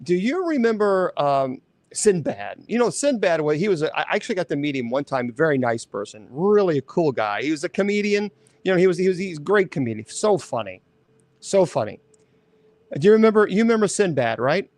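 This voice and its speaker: A man hosting a show, chatting casually in a rambling, animated way, often correcting himself. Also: on the high side, a little fast, no echo. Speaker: host. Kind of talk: casual chat.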